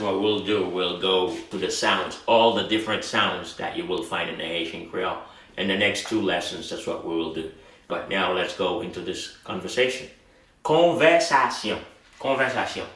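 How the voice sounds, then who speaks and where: A man's voice: lowish voice, fairly bright tone, distant mic. A man teaching a language lesson, explaining patiently and reading a short dialogue aloud. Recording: roomy, voice away from the mic.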